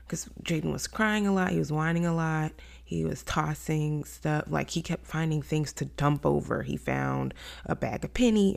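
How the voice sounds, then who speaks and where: Low gravelly woman podcaster. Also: darkish tone. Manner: candid storytelling, acts out her own quoted thoughts. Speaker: podcast host. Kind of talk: faith-based podcast monologue.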